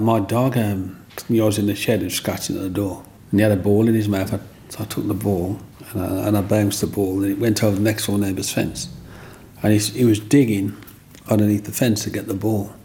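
A man, telling rambling, animated stories from his childhood in an interview and acting out other people's voices. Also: on the low side, brisk, a little hiss or hum. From Black Country, England. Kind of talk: storytelling interview.

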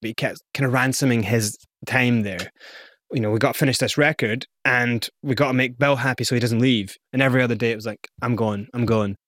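A man's voice: mid-range voice, steady tone, a little fast, fairly bright tone, no echo, clean studio sound. A middle-aged Scottish man telling his story as an interview guest, acting out the voices of other people as he goes.

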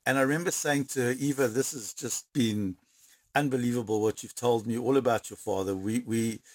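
A man recounting a story in an interview, animated, speeding up in bursts and repeating words. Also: medium pitch, a little fast, no echo.

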